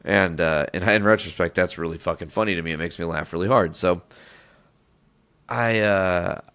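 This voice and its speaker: A low-voiced man with a gravelly, fry-heavy tone, spinning a casual podcast story. He swears freely and keeps cutting himself off to restart his sentences, so it wanders in a loose, unpolished way. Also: moderate pace, a bit bright. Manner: rambling, profane, self-interrupting. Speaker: podcast host.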